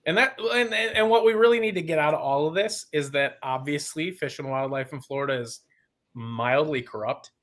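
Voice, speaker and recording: Bright-voiced impassioned male guest. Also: fairly high pitch, a little fast, few pauses. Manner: impassioned, rambling, sarcastic. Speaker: podcast guest. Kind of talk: casual podcast chat.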